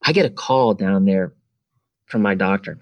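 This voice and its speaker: A middle-aged man, a podcast guest, telling a story in a casual, animated way and acting out the dialogue. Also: deep voice, moderate pace, dry recording. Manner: animated, acts out quoted dialogue.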